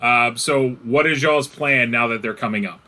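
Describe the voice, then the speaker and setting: A man narrating a tabletop game as game master, chatty and relaxed, with lots of fillers. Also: medium pitch, normal speed, low-quality recording.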